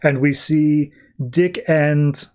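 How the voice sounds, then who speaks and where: A man's voice: on the high side, fairly even intonation, drawn-out words, darkish tone, clear, resonant tone. A man hosting a podcast, casually recapping a comic book plot in a loose, conversational way. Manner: loose, conversational retelling with frequent "uh" and "he's like". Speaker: podcast host.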